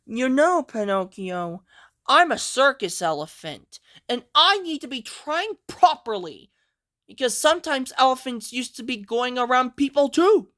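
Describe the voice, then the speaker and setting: An earnest little cartoon elephant, put on by a woman, rambling along in a high, bright voice. He talks slowly, his pitch swooping up and down in a sing-song way. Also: sing-song, exaggerated voice. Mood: lecturing. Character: young male baby elephant, earnest and chatty. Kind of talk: amateur character voice play.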